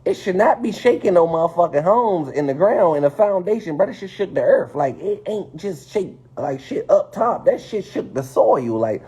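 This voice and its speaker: A man ranting casually and profanely to his viewers, spinning a conspiracy with animated, swearing delivery. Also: high voice, moderate pace, few pauses, slightly rough. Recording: dull lo-fi stream audio.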